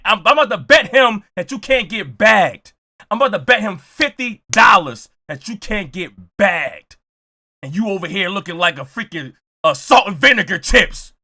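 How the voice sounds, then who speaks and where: A young man telling a story with jokes, acting out quotes and often shouting. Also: high voice, animated, normal speed. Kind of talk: animated storytelling.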